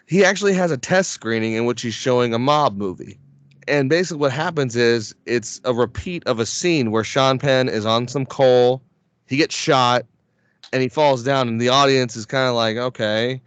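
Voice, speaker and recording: A man spinning a story in casual podcast chat, loud with his swearing and quick to laugh mid-sentence. He drops into little voices for the people he quotes. The sound is dry and close, with no room around it. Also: mid-range voice, dry recording. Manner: profane, animated retelling with laughs. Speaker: podcast host.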